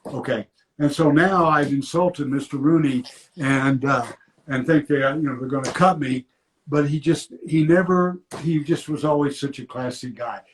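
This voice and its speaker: A man's voice: fairly high pitch, normal speed, slight background noise, poor audio. An older man, a former football player, telling rambling, self-correcting stories in an interview. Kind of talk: storytelling in an interview.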